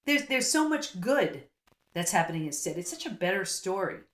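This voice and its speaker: A woman's voice: medium pitch, sing-song. A middle-aged woman, a psychologist guest, telling her story in an earnest, casual interview manner. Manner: earnest, storytelling, quick asides. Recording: roomy echo.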